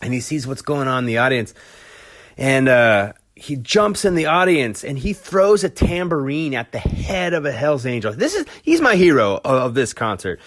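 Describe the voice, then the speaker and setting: A man hosts his own storytelling podcast, rambling through a rock anecdote with plenty of "like" and "uh." His voice swings widely in pitch as he gets worked up, and he swears casually throughout. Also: normal speed. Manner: animated, profane, lots of fillers. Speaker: podcast host.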